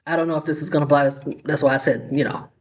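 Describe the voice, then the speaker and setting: A woman's voice: deep voice, steady tone, very fast. A woman talks through her own vlog in an easy, conversational way, as if speaking to a friend. She keeps asking rhetorical questions and leans on "like" and "you know" between thoughts. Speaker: vlog host. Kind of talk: casual commentary chat.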